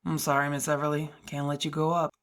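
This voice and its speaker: A woman's voice: low-pitched, flat delivery, fast, pitched below the performer's own voice. Woman doing a kindly, apologetic male security guard. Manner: gentle, apologetic.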